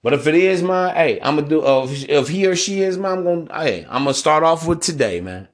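A man's voice: a little high, expressive, brisk. Blunt, profane male podcaster. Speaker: podcast host. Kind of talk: casual monologue.

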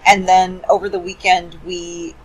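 A woman co-hosting a casual podcast, chatty and quick to laugh as she tells stories. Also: on the low side, little pitch movement, husky, muffled recording. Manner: giggly, chatty storyteller. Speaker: podcast co-host.

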